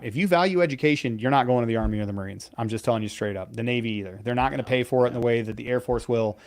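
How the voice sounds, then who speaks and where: A man's voice: medium pitch, very fast, hardly any pauses. A man in his forties, a veteran pararescueman co-hosting a live stream, giving blunt, profane career advice in a casual storytelling way. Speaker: podcast co-host, veteran pararescueman.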